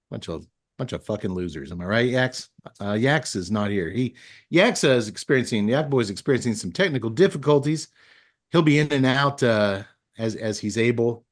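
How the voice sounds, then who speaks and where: A man hosting a casual podcast, telling stories with a joking, deadpan manner. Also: medium pitch, moderate pace. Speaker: podcast host.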